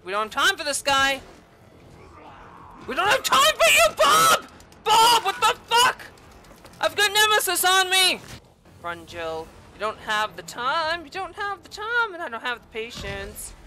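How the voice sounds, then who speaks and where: Shrill, furious gamer woman. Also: sing-song, unhurried. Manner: furious yelling and constant swearing at the game; sarcastic asides between outbursts. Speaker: gaming channel host. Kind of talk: gameplay commentary.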